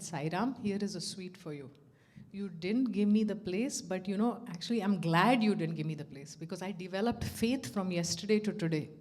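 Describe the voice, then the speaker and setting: Laughing woman telling a story. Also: lowish voice. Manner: animated, laughs often, acts out quoted dialogue. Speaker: speaker at a devotional center. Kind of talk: personal storytelling talk.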